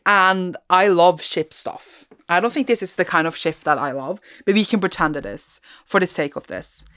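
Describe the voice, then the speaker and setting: A woman's voice: fairly low pitch, fairly bright tone. Rambling young woman, chatty book vlogger. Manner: rambling, self-mocking, full of likes and restarts. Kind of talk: casual chat.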